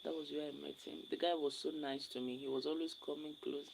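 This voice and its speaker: A young woman with a Nigerian accent talks loosely to her live-stream viewers, looping back over her own words as she goes. Her voice sits low and carries a gravelly edge. Faint insect noise hums behind her. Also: level tone, fast talker. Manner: rambling, repeats her words. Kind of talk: casual chat with viewers.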